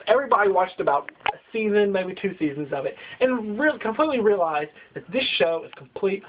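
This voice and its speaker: A man's voice: high-pitched, big pitch swings, fast talker, few pauses, slight background noise. A young man in his late teens, ranting in a comedic vlog with lots of profanity and exaggeration. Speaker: vlogger. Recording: dull lo-fi home video audio.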